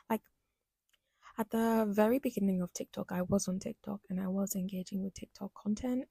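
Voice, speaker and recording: A woman's voice: mid-range voice, dark tone, slightly rough, dry recording. A young woman hosting a solo podcast, talking in a rambling, chatty, self-deprecating way. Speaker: podcast host. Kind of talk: casual solo podcast monologue.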